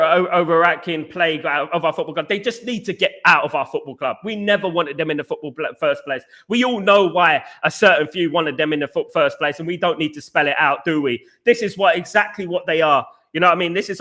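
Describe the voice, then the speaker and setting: Bright, fired-up man ranting. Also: fairly high pitch. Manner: heated, repetitive, talks back to chat. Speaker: football podcast host. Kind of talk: casual live-stream rant.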